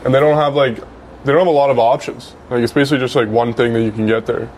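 A man chats quickly and loosely in a casual podcast, his voice at a mid pitch. Faint noise hums behind him. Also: fairly even intonation, darkish tone, rough recording.

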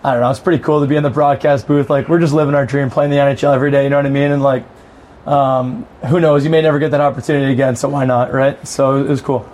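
A man in his thirties, a hockey player guesting on a podcast, talking in a relaxed, laid-back way with many fillers. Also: medium pitch, fast. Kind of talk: casual chat.

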